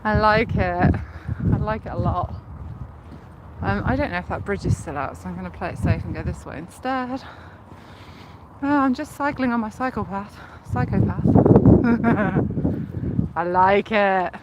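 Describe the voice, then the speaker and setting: A young woman from Leicestershire with a softened Leicestershire accent, chatting on a live stream while walking a cycle path, enunciating carefully and giggling. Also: mid-range voice, measured pace, pauses often. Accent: Leicestershire English, toned down. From Leicestershire, England. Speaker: livestreamer. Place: outdoors on a riverside cycle path. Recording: loud outdoor noise, wind and traffic.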